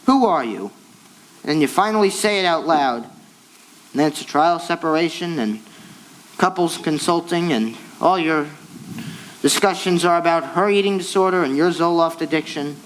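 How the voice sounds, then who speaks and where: Fields: sex: man. Figure: a man playing a rambling, wistful theatre fan. Pitch: high. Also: expressive, normal speed, natural voice, low-quality recording. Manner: rambling, confiding asides. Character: wistful male theatre fan narrating a record. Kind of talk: stage musical acting. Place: theatre stage.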